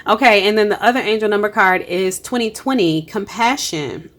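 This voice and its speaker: A woman's voice: mid-range voice, normal speed, fairly bright tone. A woman giving a casual spiritual card reading, emphatic and encouraging, with frequent exclamations and colloquial speech. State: emotional. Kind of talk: casual tarot-style energy reading.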